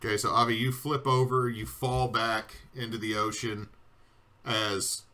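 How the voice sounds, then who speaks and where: A man's voice: mid-range voice, little pitch movement, measured pace, bright, forceful tone. A man narrating a tabletop game as game master over online voice chat, chatty and prone to digressions.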